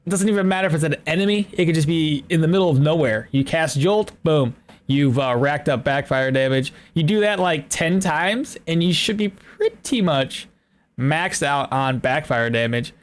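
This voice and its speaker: A man's voice: a little high, moderate pace. A young man casually commenting on his game for a live stream, reading chat aloud and rambling about builds.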